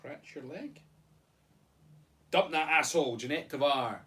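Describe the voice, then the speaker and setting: A Scottish man reads viewer comments on a live stream and cracks jokes about them. His pitch swings about in lively, playful banter. He sounds set back a little from the microphone. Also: measured pace, far from the mic. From Scotland. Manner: joking, playful, laughing banter. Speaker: fitness coach co-hosting a live stream. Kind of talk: casual live-stream chat reading comments.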